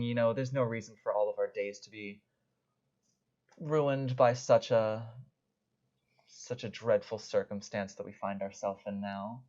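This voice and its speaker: A man voicing a smooth-talking street thug leader who speaks slowly and condescendingly. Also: mid-range voice, a little mellow, natural voice. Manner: slow, oily, condescending. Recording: dull lo-fi audio.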